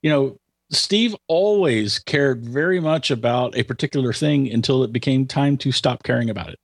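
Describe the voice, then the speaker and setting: A man's voice: medium pitch, normal speed, breathy edge. A man giving commentary in a casual conversation, hesitating and restarting often before he makes his point. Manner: hesitant, many restarts, then emphatic. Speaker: tech commentator.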